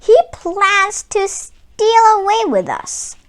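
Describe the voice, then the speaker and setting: Woman putting on a clever storybook hen, very high squawky voice, bossy and brisk, swoops up and down. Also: big pitch swings, full character voice. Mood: worried.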